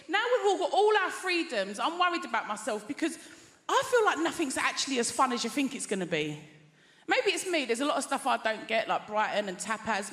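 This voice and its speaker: An English woman in her thirties doing stand-up comedy in a chatty, confiding way, full of tag questions. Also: high-pitched. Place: large theatre stage. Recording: echoey theatre with loud crowd noise.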